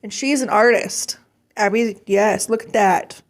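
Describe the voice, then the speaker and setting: A woman's voice: medium pitch, unhurried. A woman hosting a casual vlog, chatting while opening fan mail and gushing with sentimental thanks. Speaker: vlog host.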